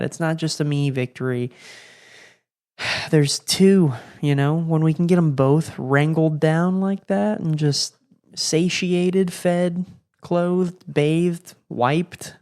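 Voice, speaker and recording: A man's voice: a little high, darkish tone. Laid-back young man telling stories. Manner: laid-back, rambling, slangy with lots of "like" and "bro". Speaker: podcast host. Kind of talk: casual storytelling monologue.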